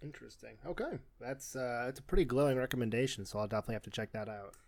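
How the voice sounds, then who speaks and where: A man's voice: mid-range voice, very fast, gravelly. A man co-hosting a podcast, chatting casually with short, dry replies. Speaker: podcast co-host.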